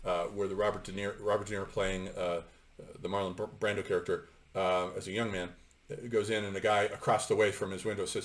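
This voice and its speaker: A man with a fairly low voice talks through a book at length, in an unscripted lecture. He wanders and digresses, with plenty of uhs and ums, and states his opinions bluntly. He sounds middle-aged. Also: fairly even intonation, quick pace. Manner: discursive, opinionated, many fillers. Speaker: literature lecturer.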